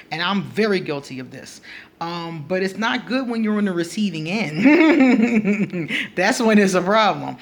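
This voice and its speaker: A woman talking straight to camera in a casual astrology vlog, blunt and animated, breaking into laughter between her points. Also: lowish voice. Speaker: astrology vlogger.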